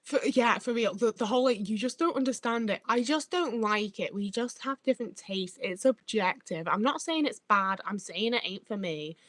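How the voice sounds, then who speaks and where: A woman's voice: medium pitch, lively intonation, normal speed, few pauses, fairly bright tone, dry recording. Chatty woman on a livestream. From Northern England. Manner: chatty, blunt, swears freely, jumps between topics. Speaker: livestream host. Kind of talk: casual livestream chat reading comments.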